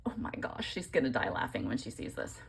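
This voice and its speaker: A woman's voice: a bass voice, sing-song, brisk, creaky, husky. A woman chatting casually while demonstrating a papercraft technique, rambling and self-deprecating. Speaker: papercraft tutorial host.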